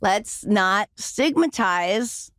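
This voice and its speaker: A woman comedian guesting on a podcast, delivering crude jokes slowly and deadpan, laughing often. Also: mid-range voice, no room sound, studio quality. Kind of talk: comedic casual chat.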